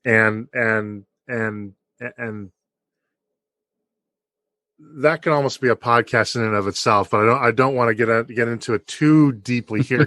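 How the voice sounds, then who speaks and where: A man's voice: mid-range voice, a bit bright, no room sound, clean studio sound. Enthusiastic male podcast host. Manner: enthusiastic, stumbling restarts. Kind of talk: podcast interview.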